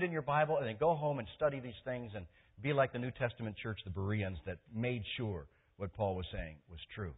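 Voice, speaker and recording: A male pastor preaching a sermon, telling a story and swinging from hushed tones to loud, excited peaks. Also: medium pitch, a little fast, husky, phone-quality sound.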